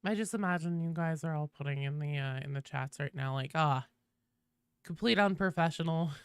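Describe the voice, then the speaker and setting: A woman streamer chatting casually with her viewers while gaming. She swears freely and greets people in a high sing-song. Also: quick pace, clean tone, no echo. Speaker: game streamer.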